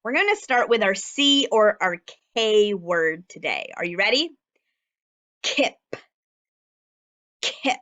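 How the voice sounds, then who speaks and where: A woman teacher giving a phonics lesson to young children, sounding out letters slowly and clearly. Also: mid-range voice, very animated, fairly bright tone.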